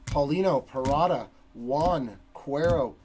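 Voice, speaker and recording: A man hosting a trading card break, reading long lists of player names in a steady cadence. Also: on the high side, takes it slowly, background noise.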